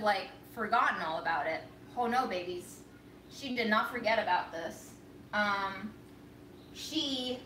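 A woman vents while telling a story in a casual vlog, speaking frankly and with profanity in a slightly high, sharp-toned voice. She's a little away from the mic in an echoey room, with faint background noise.

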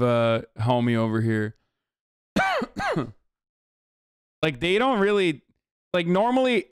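A man's voice: on the high side, clear, resonant tone, no room sound, clean studio sound. A man casually reacting to a cooking show on a live stream, swearing and rambling with lots of fillers. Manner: profane, animated, rambling with many fillers.

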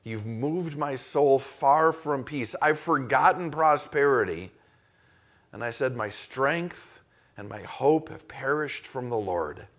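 A man's voice: medium pitch, expressive, takes it slowly, fairly bright tone. A male pastor preaching an expository sermon, acting out the quoted voices with rising intensity. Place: church.

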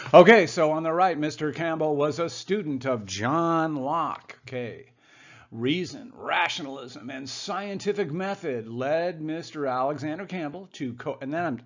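A man's voice: on the high side, lo-fi sound. Sarcastic man teaching the Bible. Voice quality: sarcastic, with mocking asides and frequent "uh"s. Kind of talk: informal Bible teaching over slides.

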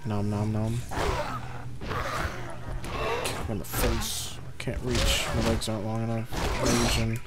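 A man's voice: fairly low pitch, level tone, unhurried, long pauses. A man casually commenting while playing a game with his cousin, joking and exclaiming at what happens. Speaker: gaming co-host. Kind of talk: casual let's-play commentary. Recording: noisy game-capture audio.

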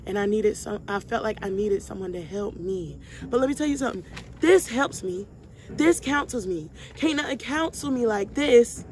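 A woman's voice: medium pitch, moderate pace, darkish tone, slight background noise. A young woman vlogger leading a Bible study, speaking emphatically and heartfelt, repeating lines for stress and calling her viewers y'all. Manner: addresses viewers directly as y'all. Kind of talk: casual preaching to viewers.

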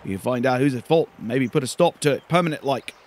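A man's voice: mid-range voice, quick pace, a little mellow, a little hiss or hum, natural voice. A man doing a chatty folksy farmer. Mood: friendly.

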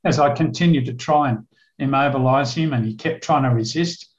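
A man's voice: medium pitch, brisk. Older man, sermon storytelling, roomy church echo, muffled. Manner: vivid storytelling, acts out dialogue in his telling. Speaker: guest preacher, retired police officer. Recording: echoey, dull church recording.

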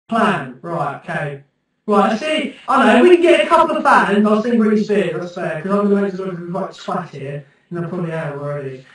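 Young dude rambling on a livestream, high lively voice, mic way off in a super echoey room. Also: male voice, fairly quick. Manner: rambling, sweary, self-mocking. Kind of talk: casual livestream chat. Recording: very echoey room from far off, faint music.

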